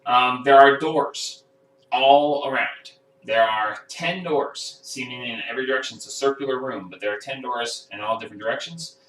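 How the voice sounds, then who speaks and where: A man narrating a tabletop game as game master, halting and full of ums. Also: mid-range voice, a bit bright. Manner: halting, lots of ums and uhs. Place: home room. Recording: roomy sound from a distant mic.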